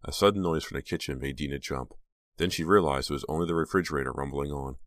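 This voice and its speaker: A man narrating an audiobook in a steady, suspenseful reading. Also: a bass voice, quick pace, no room sound, clean studio sound. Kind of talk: scripted narration.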